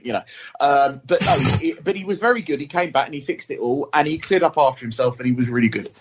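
A man's voice: a little high, quick pace, highs cut off, slight background noise. A man chatting casually on a video call, telling a self-deprecating story about a repair. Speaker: podcast guest. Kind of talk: casual chat, anecdote.

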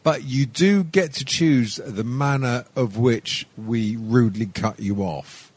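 A man's voice: medium pitch, darkish tone, husky, dry recording. A man hosting a casual podcast, dropping crude, laconic remarks and introducing a guest. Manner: slow, laconic, crude banter. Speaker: podcast host. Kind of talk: casual chat. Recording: audible background noise.

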